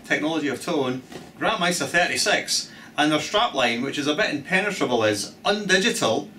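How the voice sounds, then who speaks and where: A man's voice: a little high, pushed and bright, roomy sound, slight background noise. Exuberant man hosting a gear unboxing. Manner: theatrical, exuberant, self-mocking. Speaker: channel host. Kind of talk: jokey gear unboxing vlog.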